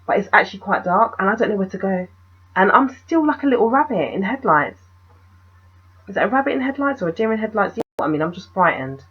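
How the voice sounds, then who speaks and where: A woman telling a personal story in a vlog, animated and full of rhetorical questions. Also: medium pitch, husky, lo-fi sound. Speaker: vlogger.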